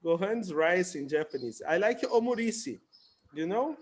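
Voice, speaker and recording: A man with a notably high speaking voice runs a relaxed English conversation class on a video call. He chats and laughs easily and repeats new words over and over for his students. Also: moderate pace. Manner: chatty, laughing, repeats words to teach them. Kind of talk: casual online conversation class.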